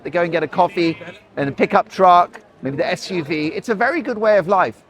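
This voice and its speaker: A man's voice: sits high, a bit bright. A man in his forties, a talk show host rambling in chatty, sarcastic commentary, recorded outdoors. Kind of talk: opinionated commentary.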